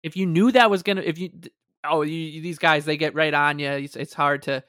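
A man co-hosting a sports podcast, talking in a measured, hesitant way. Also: a little high, steady tone, a bit bright, clear, resonant tone, no echo, clean studio sound. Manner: measured, hesitant, many fillers and restarts. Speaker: podcast co-host. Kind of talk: casual sports talk.

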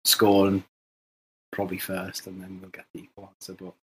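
Halting Scouse man chatting football. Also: deep voice, completely flat delivery, fairly bright tone, a little hiss or hum, low-quality recording. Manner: halting, many restarts. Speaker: podcast panelist. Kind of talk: casual football chat.

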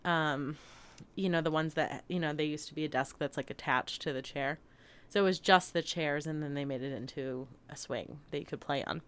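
A woman telling a story in casual chat, animated and laughing often. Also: low voice, moderate pace, clear, resonant tone.

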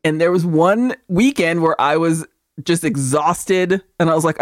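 A woman co-hosting a podcast in casual chat, expressive, leaping high for mock-confused questions. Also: moderate pace, no echo, clean studio sound. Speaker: podcast co-host.

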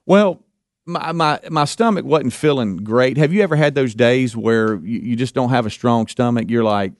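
A man hosting a live radio show, telling a story in an animated way, repeating words and acting out what people said. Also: medium pitch, normal speed, no room sound, studio quality. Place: radio studio.

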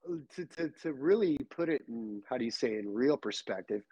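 A middle-aged man with a Serbian accent, a podcast guest telling loose, animated stories in casual chat. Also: mid-range voice, a little fast, breathy edge, no echo, lo-fi sound. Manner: animated, loose storytelling with many fillers.

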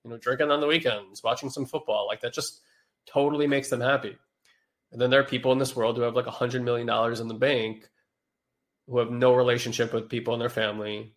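A man's voice: medium pitch, fairly even intonation, quick pace. A man hosting a podcast, talking casually and rambling to a live chat audience, his voice nasal from a cold. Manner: rambling, informal, with frequent fillers. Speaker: podcast host.

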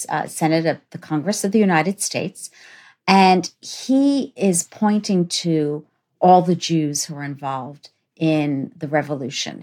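A woman's voice: low voice, darkish tone. A woman historian, a guest on a podcast interview, explaining in an emphatic way.

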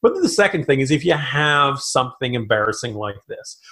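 A man co-hosting a political podcast, chatting animatedly in quick bursts with asides. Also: mid-range voice, big pitch swings, sharp tone. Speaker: podcast co-host. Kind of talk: political commentary chat.

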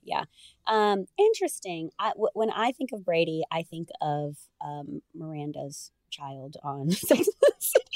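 A woman co-hosting a casual podcast chat, bubbly and quick to laugh, often trailing off mid-sentence. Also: low-pitched, lively intonation, a little mellow, dry recording. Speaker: podcast co-host.

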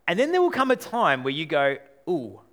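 A man preaching a sermon, animated, acting out quoted voices and moving between loud lines and hushed ones. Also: on the high side, fairly quick. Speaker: pastor.

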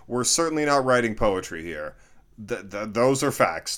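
A man with a smooth, resonant voice chatting as a podcast co-host. He talks in halting bursts, stumbling and restarting, and keeps slipping in dry, sarcastic jokes about a film. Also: medium pitch, lively intonation, fairly bright tone. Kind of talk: casual chat reviewing a film.

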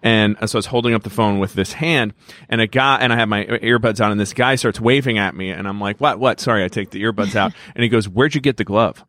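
A man's voice: lowish voice, fast talker, fairly bright tone, no room sound. A man co-hosting a podcast, telling rambling anecdotes in casual chat, with lots of fillers and restarts. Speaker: podcast co-host, digital director.

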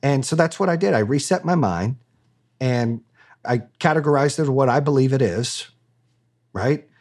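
A man's voice: mid-range voice, lively intonation, moderate pace, darkish tone. A man being interviewed as a business owner, talking candidly in a blunt, profane and fired-up way.

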